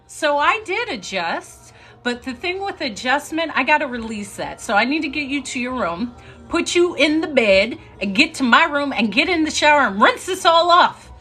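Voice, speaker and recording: Young woman, lively casual storyteller, higher voice, light music underneath. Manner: chatty, animated, breaks into laughs. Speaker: storyteller on a live stream. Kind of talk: casual storytelling to a live audience.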